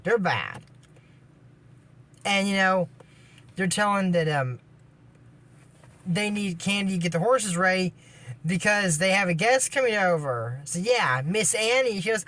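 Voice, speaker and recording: A man's voice: high voice, lively intonation, unhurried, pauses often, pushed and bright. A man casually recapping a cartoon episode, rambling with lots of fillers and restarts and dropping sarcastic asides. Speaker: anime episode reviewer.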